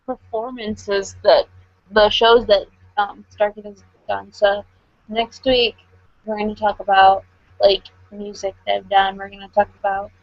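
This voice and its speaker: A woman's voice: mid-range voice, no room sound. Young female podcast co-host, casual, lots of likes, dull dry recording. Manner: filler-heavy, lots of "like" and "um". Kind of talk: casual chat.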